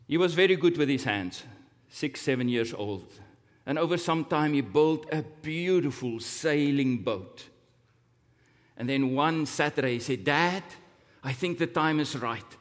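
A man preaching a sermon, telling a story slowly and dramatically, with big rises and drops in pitch and volume. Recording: long hall reverb.

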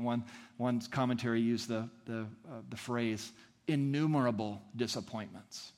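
A man preaching a sermon as the pastor, earnest and fond of repeating phrases for emphasis. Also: mid-range voice. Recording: long reverb in a large hall.

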